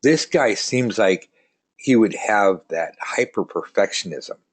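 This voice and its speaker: A man's voice: fairly low pitch, animated, slow. A man teaching tarot in a casual live online lesson, chatty and joking, reading out viewer comments as he rambles along.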